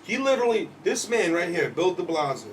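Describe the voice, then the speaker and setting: A man's voice: high-pitched, very animated, a little fast. A man, a podcast co-host ranting heatedly in casual profane chat, often laughing. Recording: distant mic, faint background noise.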